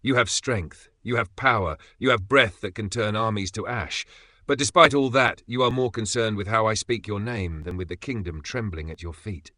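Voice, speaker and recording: A dry, sarcastic veteran knight of a storybook , voiced by a male narrator, speaking in a measured, unflappable way. His tone is bright and forceful, and the sound is close and dry. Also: lowish voice, no room sound. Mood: steady lecturing.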